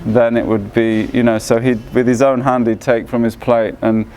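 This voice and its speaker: A man's voice: mid-range voice, level tone, moderate pace, background noise. A man casually telling stories about his teacher, hesitant and often restarting his phrases. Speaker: disciple sharing memories. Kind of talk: casual personal reminiscence.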